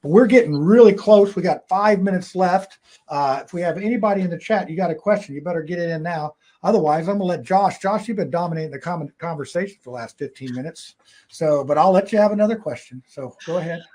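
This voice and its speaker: A man's voice: fairly high pitch, fast talker, a little mellow. An older man hosting a casual online talk show, chuckling and rambling as he talks. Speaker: talk show host and voice actor.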